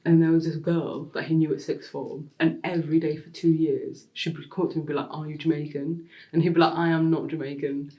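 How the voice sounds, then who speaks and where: A woman's voice: sits low, quick pace, hardly any pauses, muffled recording. Chatty woman, lots of fillers. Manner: chatty, heavy use of "like" fillers; animated storyteller, acts out quotes. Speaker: interview guest. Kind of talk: casual conversational interview.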